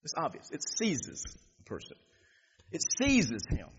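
A man preaching an expository sermon with a high, lively voice that swings up and down. His tone is husky, and he repeats phrases for emphasis. The sound is dull and carries a long hall reverb. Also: a little slow. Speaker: pastor.

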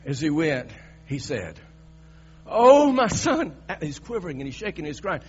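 A man's voice: fairly high pitch, lively intonation, fairly quick, slightly rough. A man preaching a sermon in an emphatic, dramatic way, often restarting his sentences. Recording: dull recording with mains hum.

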